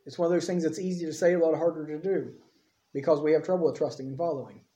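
A male preacher with a high, mellow voice teaches through scripture verse by verse. He talks conversationally, often tossing in quick tag questions. The recording is a bit dull and lo-fi. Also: steady tone. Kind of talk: expository Bible teaching. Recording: slightly dull lo-fi audio.

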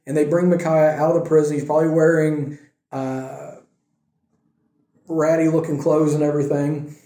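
In an echoey room, a man with a slightly high voice teaches a Bible passage in a relaxed, conversational style. He retells the scripture in everyday language and keeps checking in with "right?"

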